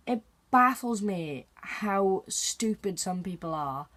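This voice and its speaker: A man's voice: high-pitched, animated, slow, hardly any pauses, pushed and bright. A young man narrating comedy sketches in a chatty, exasperated way.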